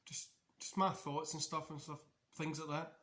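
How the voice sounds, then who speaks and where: A man's voice: fairly high pitch, little pitch movement, normal speed, bright, forceful tone. A man hosting a casual wrestling watch-along, talking in a loose, rambling way. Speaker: wrestling channel host. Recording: echoey room.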